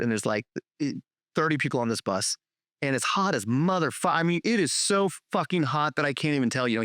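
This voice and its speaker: A middle-aged man hosting a podcast, telling long stories in a loose, profane, animated way with many restarts. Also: mid-range voice, no room sound, clean studio sound. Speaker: podcast host, filmmaker. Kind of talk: casual storytelling chat.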